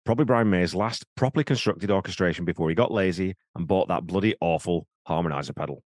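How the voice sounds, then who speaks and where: Guy on a podcast, really low voice, swears a lot, deadpan jokes, dry mic. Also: fast talker, no room sound. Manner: blunt and sweary, dry humour. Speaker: podcast co-host. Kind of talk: casual chat.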